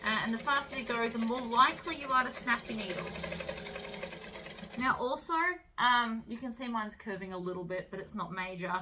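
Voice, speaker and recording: A woman hosting a sewing tutorial, talking through each step in a relaxed, chatty way with the odd um and uh. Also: a little high, moderate pace, noisy background. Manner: relaxed, chatty instruction with fillers.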